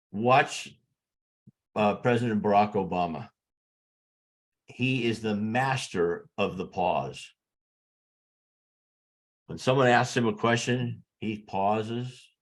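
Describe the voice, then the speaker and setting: A man who is a guest on an interview about public speaking, talking emphatically and deliberately shifting his speed and volume. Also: fairly low pitch. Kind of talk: casual interview chat.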